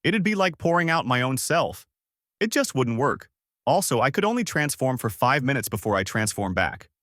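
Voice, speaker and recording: A man's voice: medium pitch, big pitch swings, moderate pace, a bit bright, dry recording, studio quality. A male narrator voicing a grumbling, cowardly shapeshifting pig in a fan story, with a whiny, pleading delivery.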